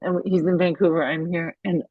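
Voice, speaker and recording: A woman's voice: lowish voice, little pitch movement, fairly quick, slightly rough, no room sound, narrow, tinny audio. A woman in her fifties, a guest musician in a casual interview, telling candid, profane stories with plenty of feeling. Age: 50s. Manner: profane, candid, emotional storytelling.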